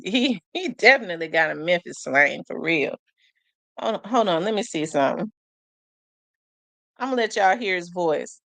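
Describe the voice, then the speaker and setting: A woman's voice: mid-range voice, a bit bright, dry recording. A woman hosting a casual live commentary, chatty and asking questions aloud as she talks to her viewers. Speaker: host.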